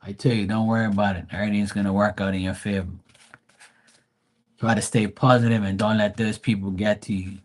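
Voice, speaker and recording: A man's voice: lowish voice, level tone, brisk, darkish tone. A man hosting a live tarot stream, telling stories bluntly with lots of swearing and mocking asides while reading the chat. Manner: profane, blunt storytelling. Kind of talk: casual livestream chat.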